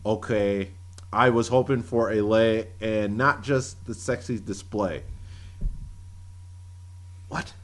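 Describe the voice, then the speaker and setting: Man, podcast co-host, slow delivery, laughing, crude banter. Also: lowish voice, fairly even intonation. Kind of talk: casual podcast banter, reading tweets aloud.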